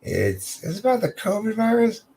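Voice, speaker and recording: A man's voice: high voice, wildly swooping pitch, normal speed, creaky, dark tone, a little hiss or hum, pitched above the performer's own voice, full character voice. A man voicing a nervous, bumbling young inspector who stammers and gets flustered.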